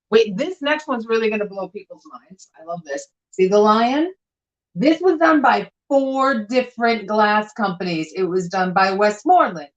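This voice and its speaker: Woman live seller, chatty and animated, slightly dull stream audio. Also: medium pitch. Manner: chatty, animated, showing items to camera. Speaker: vintage glass seller and co-host. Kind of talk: casual live-stream chat.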